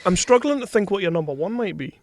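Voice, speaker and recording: A man's voice: high-pitched, fast talker. A man co-hosting a casual movie podcast chat, telling stories with lots of laughter. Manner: animated storyteller, laughs often. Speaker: podcast co-host.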